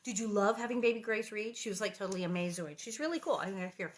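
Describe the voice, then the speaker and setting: A woman's voice: mid-range voice, quick pace, slight background noise. A middle-aged woman hosting a casual livestream from her living room, chatting in a bubbly, rambling way with lots of asides. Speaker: livestream host reading aloud.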